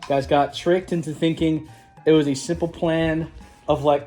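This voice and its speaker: A young man giving a casual video diary update, excited and rambling with lots of fillers and restarts. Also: on the high side, moderate pace, soft background music. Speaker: vlogger planning a party.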